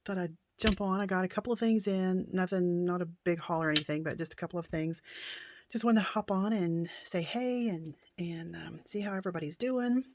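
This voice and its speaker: A woman's voice: on the low side, a little fast, a little mellow, slight background noise. A woman craft vlogger chatting casually through an unboxing, gushing with delighted exclamations.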